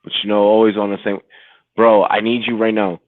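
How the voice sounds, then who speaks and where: A man from D.C. co-hosting a live football watch-along, excitable and swearing. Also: brisk, no echo. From Washington, D.C. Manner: excitable, swearing, bursts into high yelps. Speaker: podcast co-host. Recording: dry, phone-like line.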